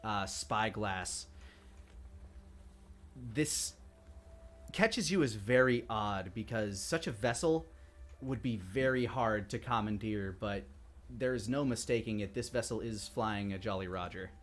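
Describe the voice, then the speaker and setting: A man's voice: on the low side, animated, a little slow. A man narrating a tabletop pirate game as game master, loose and hesitant with many fillers.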